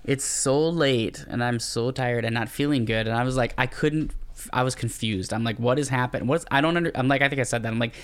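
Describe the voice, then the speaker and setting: A man co-hosting a casual podcast, telling his side of a story in a relaxed way. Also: mid-range voice, a little fast, smooth. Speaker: podcast co-host.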